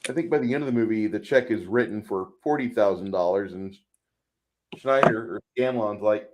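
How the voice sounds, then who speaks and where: A man's voice: on the low side, moderate pace, a little mellow, slight background noise. A man co-hosting a podcast, chatting casually about a film, repeating words and acting out lines. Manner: rambling, repeats words, acts out quotes. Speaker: podcast co-host. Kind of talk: casual movie chat.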